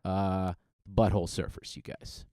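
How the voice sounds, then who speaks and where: Laid-back deadpan stand-up comic man. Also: sits low, a little slow, clear, resonant tone, no room sound. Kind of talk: stand-up comedy set. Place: comedy stage before live audience.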